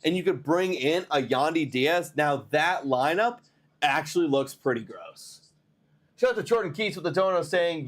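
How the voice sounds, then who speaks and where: A man hosting a live baseball stream, chatting to viewers and reading trade news in a rambling, excitable way while tired. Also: on the high side, moderate pace. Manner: excitable, rambling, talks to chat. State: tired, yawning. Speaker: baseball livestream host.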